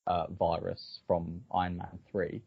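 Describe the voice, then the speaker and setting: A low-voiced man with a husky edge talks through a film review in a casual, halting way, filling his pauses with ums. The sound is dry and a little dull, like a modest home podcast setup. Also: completely flat delivery, no room sound. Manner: hesitant, lots of ums and restarts. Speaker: podcast host.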